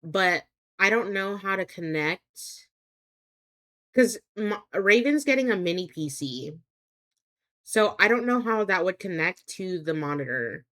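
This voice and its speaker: A woman's voice: medium pitch, lively intonation, unhurried, a bit bright. A young adult woman live streaming, chatting casually with viewers. She rambles, hesitating and restarting often with many fillers. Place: home streaming setup.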